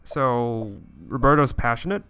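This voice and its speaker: Hesitant player, lots of fillers, slow and animated, noisy line. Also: male voice, medium pitch. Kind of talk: tabletop role-play chat.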